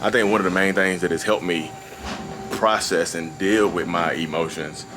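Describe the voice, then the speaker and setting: Deep and fairly even in intonation, a man talks at a moderate pace in an unscripted beach vlog recorded outdoors with passing traffic. He rambles and repeats himself about his narcissism and his feelings, regularly tossing in "you know what I mean".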